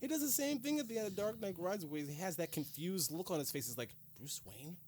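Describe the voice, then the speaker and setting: A man's voice: high voice, quick pace, darkish tone, slight background noise. Hesitant man reviewing a film. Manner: hesitant, repeats words while searching for points. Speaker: podcast co-host. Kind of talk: casual film review chat.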